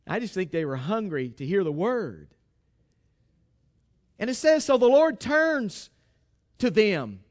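A pastor giving a sermon, retelling a Bible story with humour and acting out the dialogue. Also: male voice, high-pitched, sing-song, slow, pauses often.

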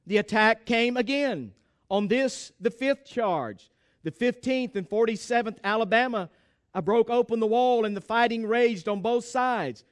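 Male preacher, high resonant voice, dramatic sermon storyteller. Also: measured pace, clean tone. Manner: dramatic, calls for congregation response.

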